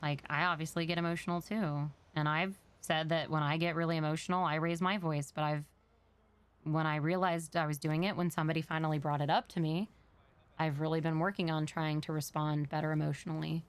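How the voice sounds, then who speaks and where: Staying in character for a role-play, this low-voiced woman speaks fairly quickly with little pitch movement and a smooth, clean tone. She earnestly lays out her emotions in detail.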